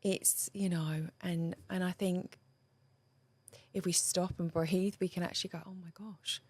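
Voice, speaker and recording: A woman's voice: lowish voice, flat delivery, unhurried, darkish tone, no room sound. A woman relationship coach speaking as a guest in an interview, earnest and heartfelt, often checking in with "you know" and "right?". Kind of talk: conversational interview.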